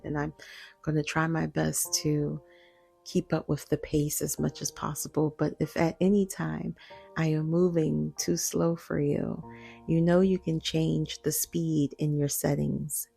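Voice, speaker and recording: A woman in her forties hosting a late-night solo podcast from home, talking slowly and half-whispering as she reflects. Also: deep voice, vocal fry, warm tone, breathy edge. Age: 40s. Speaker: podcast host.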